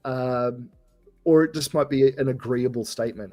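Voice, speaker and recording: Relaxed Australian guy talking tech. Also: medium pitch, moderate pace. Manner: relaxed, hesitant, many fillers. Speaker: guest developer. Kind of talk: casual tech chat.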